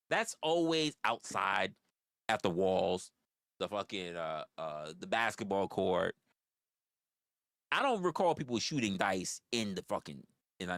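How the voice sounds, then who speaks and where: A man's voice: fairly low pitch, fairly bright tone, no echo, clean studio sound. A man, rambling through profane stories on a casual livestream. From New York. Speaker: livestream host.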